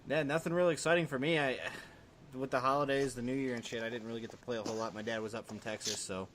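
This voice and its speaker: Male co-host, mid-pitched, quick, jokey delivery. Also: fairly even intonation, a bit bright. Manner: rapid, joking, casual swearing. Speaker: podcast co-host. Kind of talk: casual chat.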